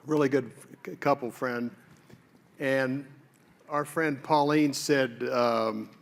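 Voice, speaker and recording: A man telling a personal faith testimony in a conversational way, pausing often as he recalls events. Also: mid-range voice, fairly even intonation, creaky. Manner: conversational, with pauses and fillers.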